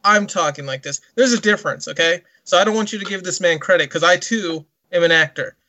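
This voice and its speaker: A man's voice: high voice, fairly quick, pushed and bright. A man co-hosting a podcast, retelling a film in a joking, theatrical way. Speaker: podcast co-host. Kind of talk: casual film discussion.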